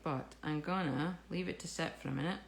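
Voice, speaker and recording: A woman with a lower voice runs a live cake tutorial, chatting and joking at her own expense as she works. Her voice rings in a roomy studio with faint ambience in the background. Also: brisk, creaky, a little hiss or hum. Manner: jokey, self-mocking, chatty. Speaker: cake decorating instructor. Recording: echoey room with faint ambience.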